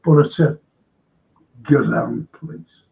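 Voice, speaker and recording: A man's voice: medium pitch, extremely slow, vocal fry, warm tone. A man hosting a livestream, telling a long rambling anecdote and swearing freely. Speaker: livestream show host. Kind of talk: rambling casual storytelling. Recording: dull lo-fi stream audio.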